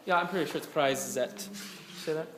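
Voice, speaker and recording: A man's voice: fairly high pitch, fairly quick, slight background noise. A man directing a choir rehearsal, patiently modeling words for the singers to repeat. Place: rehearsal room. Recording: echoey room from a distance with music.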